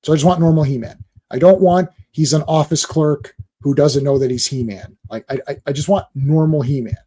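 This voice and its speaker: A man hosting a live stream, ranting and swearing, dropping into quick impressions of other people. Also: a little high, mellow, slightly rough. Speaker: host.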